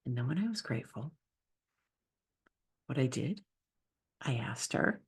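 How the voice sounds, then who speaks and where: Woman, gravelly, leadership speaker, slide presentation, enthusiastic, conversational. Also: rumbling low, animated, unhurried, pauses often.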